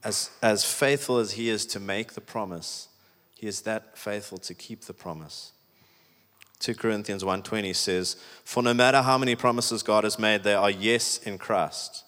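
A man's voice: fairly low pitch, steady tone, normal speed, fairly bright tone. A man preaching a sermon in a chatty, emphatic way, with many "like"s. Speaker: pastor. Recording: echoey hall with long reverb.

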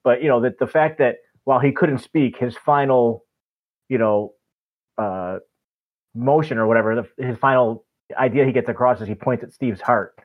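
A man's voice: mid-range voice, moderate pace, narrow, tinny audio. Male podcast co-host, eager and rambling, heard through a thin phone-style line. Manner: enthusiastic, rambling with restarts. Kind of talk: casual movie discussion.

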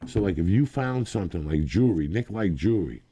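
A man in his sixties telling rambling, animated stories as a guest, laughing often. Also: sits low, fairly quick, breathy edge, dry recording. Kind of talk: casual storytelling.

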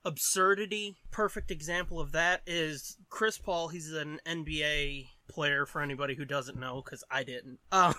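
Higher-pitched guy cohosting a podcast, jokey and sweary, dry close sound. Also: a little slow, sharp tone, dry recording. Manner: joking, swears freely, laughs often. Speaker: podcast co-host. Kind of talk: casual chat.

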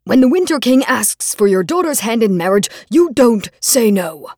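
A woman's voice: a little high, very animated, normal speed, a little mellow, no room sound, studio quality. A woman reading an audiobook, voicing a middle-aged royal father who is kind but yielding, firm at first and then apologetic. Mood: insistent. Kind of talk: audiobook character voice.

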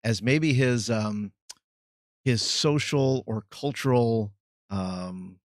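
A middle-aged man and former youth pastor, talking in a measured, thoughtful way and searching for words. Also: mid-range voice, no room sound, clean studio sound. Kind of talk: reflective podcast chat.

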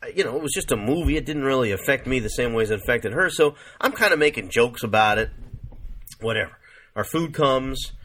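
Profane, rambling man with a lively voice. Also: mid-range voice, brisk. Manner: profane, rambling, says "dude" a lot. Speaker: vlogger. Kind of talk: casual rambling commentary.

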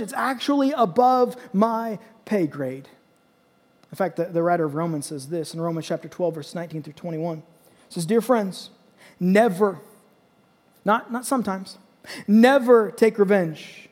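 A man's voice: sits high, normal speed. A man preaching a sermon, acting out scripture passages with rising intensity and emphatic repetition. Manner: dramatic scripture reading, rising to shouts. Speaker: pastor. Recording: long hall reverb.

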